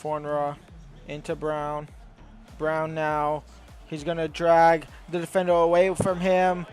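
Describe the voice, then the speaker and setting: A young man giving excitable play-by-play commentary over his own football video game, rising to shouts at goals. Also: on the high side, slow pace, faint music behind. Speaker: gaming YouTuber.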